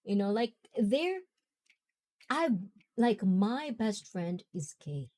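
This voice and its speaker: A young woman speaks in an easygoing, rambling way, laughing often as she hosts a casual talk. Her voice is soft and mellow in tone. She takes her time and never rushes. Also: medium pitch, big pitch swings. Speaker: host.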